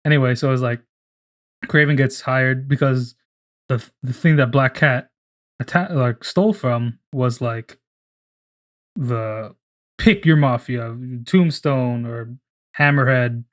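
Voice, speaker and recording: A man in casual podcast chat who rambles and swears freely. He keeps restarting his sentences as he pitches ideas, and his voice sits in a middle pitch. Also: slow, long pauses. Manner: rambling, profane, full of restarts. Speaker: podcast co-host.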